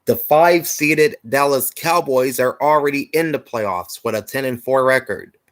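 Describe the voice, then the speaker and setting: A man's voice: medium pitch, a little slow, fairly bright tone, dry recording, rough recording. A man hosting a sports show, steadily reading playoff standings and stats and sounding slightly tired. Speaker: host.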